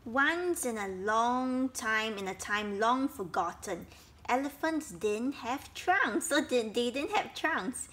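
A woman reads a children's story aloud at a very slow pace, repeating and explaining each step for young listeners. Her voice sits a little high and sounds bright. She talks like a patient storyteller. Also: lively intonation.

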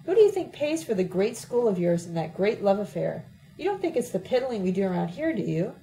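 Lady reading out an angry young guy ranting crude and blunt, mellow low-key voice, audiobook. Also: big pitch swings, fairly quick, a little hiss or hum, poor audio.

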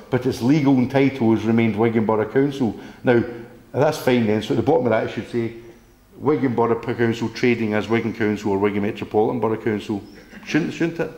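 A man with a fairly low voice gives a talk to a local group. He is indignant and rambling, doubling back on his words and reading out bits of letters between his complaints. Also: a little mellow. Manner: indignant, rambling, repeats himself, reads letters aloud. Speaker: presenter.

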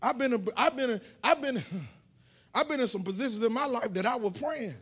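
A man with a very high-pitched voice preaches a sermon in a church. His tone is bright and ringing. He stumbles over and repeats words, then swells into shouted, fervent preaching. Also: brisk, slightly rough. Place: church sanctuary.

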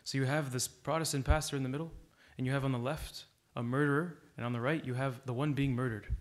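A man's voice: mid-range voice, steady tone, fast. A man preaching a sermon in a church, earnest and exhorting, telling a story to make his point.

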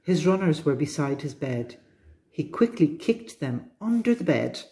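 An Irish woman reads a picture book aloud to young children, her fairly low voice rising and falling in a very animated way. She is an expressive storybook reader. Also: a little slow. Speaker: librarian reading to children.

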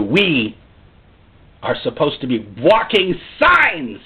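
A man's voice: mid-range voice, moderate pace, husky. A male pastor preaching a sermon in a dramatic style. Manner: dramatic, lively, acts out voices. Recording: tinny phone-like sound.

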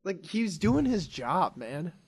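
A young man co-hosting a casual podcast, swearing freely and telling animated stories. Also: high-pitched, unhurried, slightly rough, no room sound, studio quality. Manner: swears a lot, animated storytelling. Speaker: podcast co-host. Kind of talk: casual chat.

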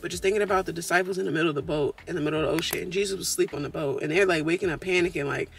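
A woman's voice: fairly low pitch, very fast, creaky, faint music behind. A woman vlogger talking from her car, giving earnest, preachy faith encouragement straight to her viewers. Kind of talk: casual faith encouragement talk.

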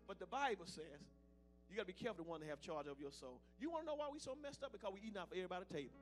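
A man preaching a fiery sermon as pastor, swinging between loud declarations and low, hushed asides. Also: lively intonation, rapid-fire, faint music behind.

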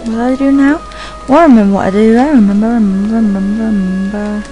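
A woman giving rambling casual commentary while playing a video game, chatting to her dog and reacting out loud. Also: on the high side, quick pace, over music, low-quality recording. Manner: excitable, yelps and squeals at the game. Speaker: let's play gamer.

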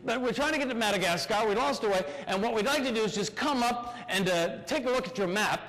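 A man's voice: high-pitched, lively intonation, quick pace, fairly bright tone, in a large hall, low-quality recording. A man voicing a nervous, rambling rookie pirate with a put-on British accent. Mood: flustered. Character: bumbling rookie male pirate, fake British.

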